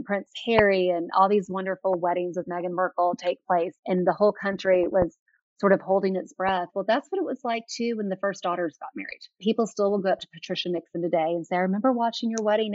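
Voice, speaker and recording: A woman's voice: mid-range voice, a little mellow, no echo. A woman guest in an interview telling enthusiastic stories with frequent fillers. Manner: enthusiastic, anecdotal, many fillers. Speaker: author guest. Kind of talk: interview storytelling. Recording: dull lo-fi sound.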